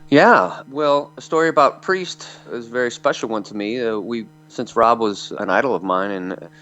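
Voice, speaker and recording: A man's voice: medium pitch, moderate pace, fairly bright tone. A man in his fifties from Michigan, a metal singer telling rambling anecdotes full of fillers in an interview. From Michigan, USA. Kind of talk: storytelling interview. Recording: dull lo-fi audio.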